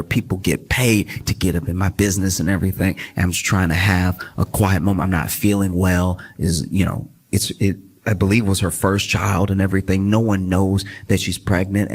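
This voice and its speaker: A man doing stand-up storytelling, animated and rambling with self-deprecating asides. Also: low voice, husky. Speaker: stand-up comedian. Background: faint audience laughter.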